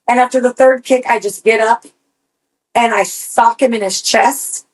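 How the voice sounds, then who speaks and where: A woman co-hosting a podcast, telling a personal story in casual chat, animated and swearing freely. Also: fairly high pitch, a little slow, low-quality recording. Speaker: podcast co-host.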